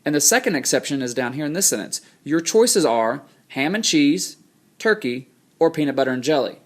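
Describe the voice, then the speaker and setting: Man teaching grammar, calm and explanatory. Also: on the high side. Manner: explanatory, slows to read example sentences aloud. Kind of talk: recorded grammar lesson.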